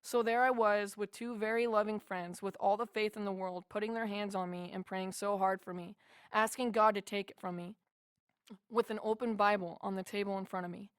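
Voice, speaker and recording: A woman's voice: mid-range voice, fairly even intonation, a little fast, smooth, no echo, studio quality. A woman narrating a first-person memoir as an audiobook, in an earnest, heartfelt way.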